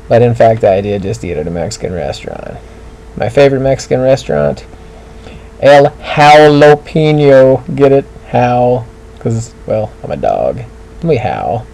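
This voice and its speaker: A man's voice: low-pitched, gravelly, mellow, a little hiss or hum, exaggerated voice, poor audio. A man voicing a corny, rambling male bulldog comedian who tells groaning puns and keeps getting tongue-tied. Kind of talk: comic character monologue.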